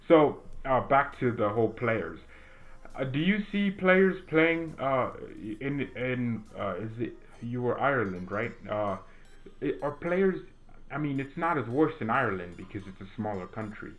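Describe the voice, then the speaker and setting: A man's voice: medium pitch, animated, a little slow, muffled recording. A teenage boy from the United States chatting casually while he plays a video game, rambling with lots of restarts and fillers. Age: teens. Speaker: gaming streamer and fan commentator.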